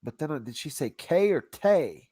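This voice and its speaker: A man hosts a livestream in a loose, easygoing way, dropping casual slang and thinking out loud. His voice sits at an ordinary pitch. The sound is dry and close. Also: sing-song, moderate pace, no room sound. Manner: rambling, laid-back, talks to himself while browsing; casual slang, says y'all. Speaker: YouTube channel host.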